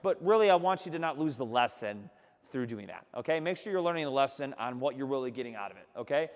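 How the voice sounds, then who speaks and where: Energetic male seminar coach, reverberant room. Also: medium pitch, fast. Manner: tags nearly every sentence with "okay?". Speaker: workshop instructor. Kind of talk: live seminar teaching. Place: seminar room with remote attendees.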